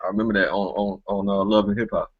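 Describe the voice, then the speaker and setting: A man's voice: lowish voice, flat delivery, quick pace, highs cut off. A man hosting a casual online talk show, rambling and filling with a stock phrase. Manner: rambling, fills with "you know what I'm saying".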